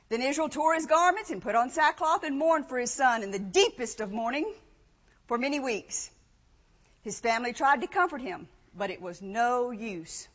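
High-pitched woman preacher, chatty animated sermon, long hall reverb. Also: moderate pace, lo-fi sound. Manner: conversational, rhetorical questions, animated. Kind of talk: sermon with scripture reading.

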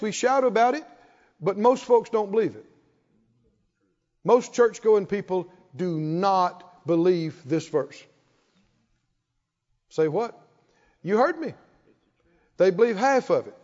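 A man preaches from the pulpit in a high voice, taking his time over every phrase. He drives home his points and has the congregation repeat after him. The sound is dull and lo-fi, with a long reverb from the church. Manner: call-and-response preaching, rising to emphatic shouts. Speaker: pastor. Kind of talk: sermon. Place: church sanctuary.

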